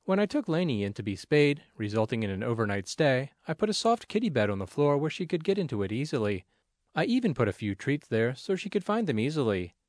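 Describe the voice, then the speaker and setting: A man reading a personal essay aloud in a measured, plainspoken way. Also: mid-range voice, very animated, a little mellow, no room sound, studio quality. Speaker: narrator.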